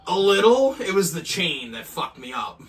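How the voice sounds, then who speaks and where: A man from Maine, a pro wrestler guest on a podcast, telling profane, animated stories and acting out what people said. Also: high voice, moderate pace, far from the mic. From Maine, USA. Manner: animated, profane, acts out quotes. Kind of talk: casual storytelling chat.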